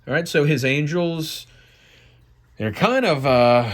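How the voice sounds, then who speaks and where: A man's voice: a little high, lively intonation, a little hiss or hum. A man giving comedic, wry commentary on his own old comic. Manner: amused, wry, drawn-out asides. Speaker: vlogger.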